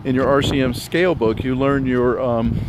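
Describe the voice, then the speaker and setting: A man's voice: mid-range voice, moderate pace, background noise. Slightly breathless man teaching music theory outdoors. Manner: explains step by step, rambling and relaxed. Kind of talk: casual spoken theory lesson.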